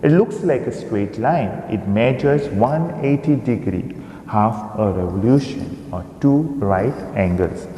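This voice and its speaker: Slow, mellow-voiced male maths teacher. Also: medium pitch, expressive. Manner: slow, explanatory, refers to figures on screen. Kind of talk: recorded maths lesson. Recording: echoey room with long reverb.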